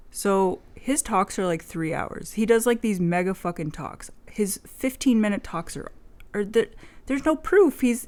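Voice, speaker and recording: A woman's voice: fairly low pitch, darkish tone. A young woman in casual chat, rambling with lots of "like" fillers and frequent swearing. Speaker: vlogger.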